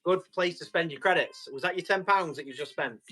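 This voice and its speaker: A man's voice: on the high side, fairly quick, pushed and bright. A man hosting a live tool sale, chatting with viewers, answering their comments and describing each item while he tests it. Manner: describes items while testing them. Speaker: live-stream tool seller. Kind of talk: casual live auction chat.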